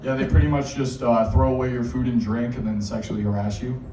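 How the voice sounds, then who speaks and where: A young Massachusetts man does a crude, rambling stand-up set packed with fillers on a small bar's comedy stage. He talks fast in a steady, mellow, medium-pitched voice. A distant mic picks up the echoey bar and slight background noise.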